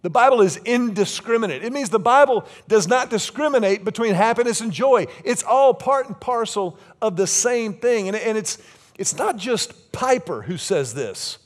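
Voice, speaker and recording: A man in his fifties preaching a sermon, with lively, humorous storytelling. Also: high voice, moderate pace. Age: 50s. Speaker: pastor.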